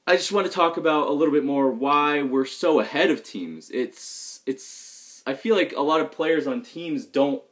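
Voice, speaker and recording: A man's voice: fairly high pitch, normal speed, few pauses, a bit bright. A young man, a pro gamer, talking in a loose, rambling and frank vlog chat. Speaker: pro gamer vlogging about tournaments.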